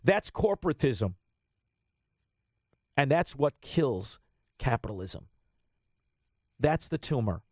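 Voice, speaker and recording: A man's voice: mid-range voice, big pitch swings, slow pace, long pauses, a little mellow, dry recording. Blunt, combative male talk radio host. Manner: blunt and combative, swears freely. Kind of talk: opinionated political talk radio.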